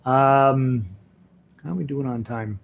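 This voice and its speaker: A man's voice: mid-range voice, fairly even intonation, slow pace, vocal fry. A man leading an online ukulele group, talking casually and encouragingly between songs and laughing often. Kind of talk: casual online music class.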